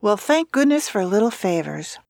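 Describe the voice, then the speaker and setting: A woman voicing a sharp-tongued tour guide who answers with dry sarcasm. The storybook reading is close-miked and dry. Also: mid-range voice, very animated, moderate pace, gravelly, no room sound. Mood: sarcastic.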